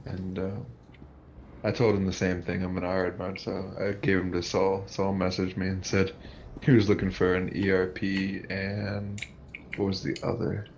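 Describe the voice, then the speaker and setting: A man with a fairly low voice chats casually over a headset during a game raid, rambling and full of fillers. The recording carries a clear hiss of noise. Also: completely flat delivery, normal speed, a little mellow, highs cut off. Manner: rambling, hesitant, with many fillers. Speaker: raid group member and streamer. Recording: noisy.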